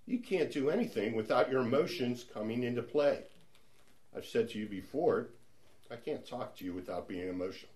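A man's voice: medium pitch, animated, a little fast, darkish tone. A middle-aged man leading a church Bible study in a conversational teaching style, chatty and prone to restarts. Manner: chatty, with frequent restarts and asides.

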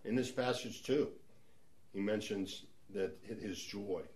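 Middle-aged guy leading bible study, lowish voice, chatty, lots of restarts and asides. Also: unhurried, a little mellow. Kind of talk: conversational Bible teaching.

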